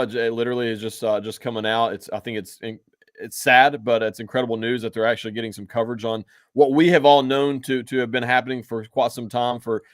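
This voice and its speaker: A man's voice: mid-range voice, dry recording. A man co-hosting a political podcast, talking casually and emphatically with frequent restarts.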